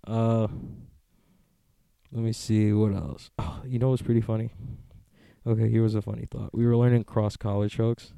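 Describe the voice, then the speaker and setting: A man's voice: lowish voice, level tone, unhurried, creaky, long pauses, warm tone, smooth, no room sound. A man talking in a casual, rambling monologue, swearing often and joking as he goes.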